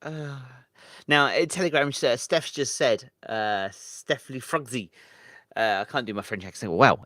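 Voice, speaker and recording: A man's voice: medium pitch, a little slow, sharp tone, no room sound, studio quality. A man hosting a late-night livestream, reading viewer chat and thinking aloud in a hesitant, rambling way with lots of ums. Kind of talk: casual live-stream chat. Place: home at midnight.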